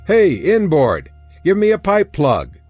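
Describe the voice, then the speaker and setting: A man voicing an irritated male sailor who yells profanely from a cramped engine space in an audiobook. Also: high voice, huge pitch swings, slow, husky, faint music behind, pitched above the performer's own voice, full character voice. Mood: yelling. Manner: shouting, profane.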